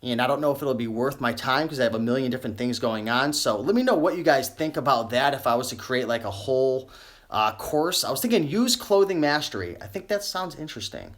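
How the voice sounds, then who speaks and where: A man's voice: medium pitch, expressive, fairly quick, a bit bright. Young adult man, casual live-stream host, loose rambling delivery, slightly tired voice. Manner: rambling, many fillers and self-corrections. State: losing his voice. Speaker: online clothing reseller. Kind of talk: live-stream tips chat.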